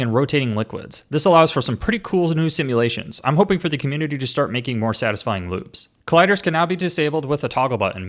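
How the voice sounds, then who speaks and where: A man hosting a scripted software update overview, with joking asides. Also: fairly high pitch. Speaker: tech video host.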